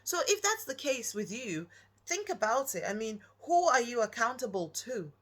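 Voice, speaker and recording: A woman's voice: a little high, very animated, moderate pace, fairly bright tone. Earnest woman, reflective talk. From Nigeria. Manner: earnest, questioning the listener directly. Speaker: speaker.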